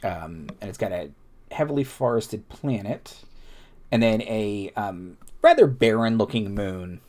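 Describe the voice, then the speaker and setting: A man narrating a tabletop game as game master, halting, with many fillers and restarts. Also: on the low side, expressive, darkish tone.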